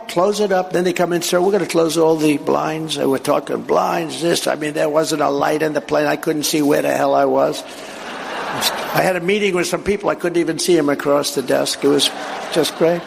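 A man's voice: on the high side, steady tone, moderate pace, vocal fry, slight background noise. A man giving a rambling, anecdotal speech at a live event, boastful and digressive, acting out dialogue as he tells the story. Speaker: political speaker at a live event.

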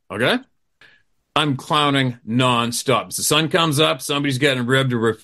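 A man's voice: medium pitch, fairly bright tone. A middle-aged man, a hunting guide, telling a story in casual, profane chat and acting out the quotes.

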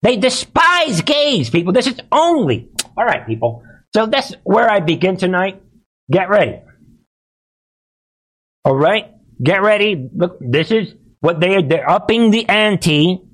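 Man, commentary host, slightly high voice, agitated, repetitive, preachy. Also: big pitch swings, unhurried, long pauses. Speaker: host of a political commentary channel. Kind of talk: live-streamed political commentary.

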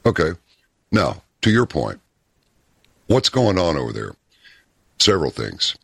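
A man talking as a guest in an interview, telling stories in an emphatic, deliberate way. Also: sits low, very animated, creaky, husky, no echo, studio quality. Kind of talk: casual interview talk.

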